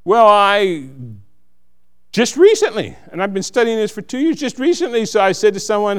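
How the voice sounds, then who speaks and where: A man's voice: sits high, very animated, normal speed, clean tone. Earnest, self-mocking man. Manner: earnest, self-mocking storyteller who laughs at himself. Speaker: church member giving a testimony. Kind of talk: church testimony.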